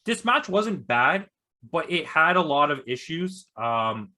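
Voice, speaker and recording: A man co-hosting a casual wrestling review podcast, chatty and quick to act out quotes in silly voices. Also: a little high, sing-song, pushed and bright. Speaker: podcast co-host.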